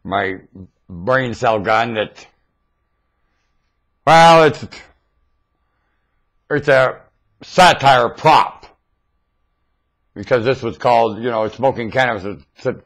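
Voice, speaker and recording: A man talking into his webcam in a rambling monologue, theatrical and erratic, swinging from low mutters to excited shouts. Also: very slow, pauses often. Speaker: self-styled webcam broadcaster.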